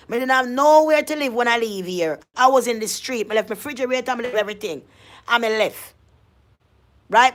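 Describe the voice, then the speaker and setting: A woman's voice: on the high side, fairly bright tone. An adult woman, ranting in a vlog monologue, emphatic and confrontational, often repeating herself. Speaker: vlogger.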